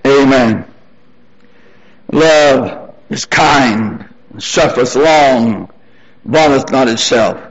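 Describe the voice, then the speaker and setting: An older man preaching a sermon, repeating his phrases as he presses his congregation, then dropping into quieter storytelling. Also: very slow, long pauses, breathy edge, highs cut off. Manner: rising to high-pitched emphatic exhortation, then softer storytelling.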